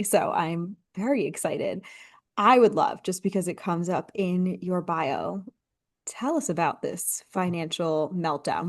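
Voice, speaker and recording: A woman hosting a podcast interview, encouraging her guest with open questions. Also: lowish voice. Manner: encouraging, warm prompting questions. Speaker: podcast host. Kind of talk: casual interview.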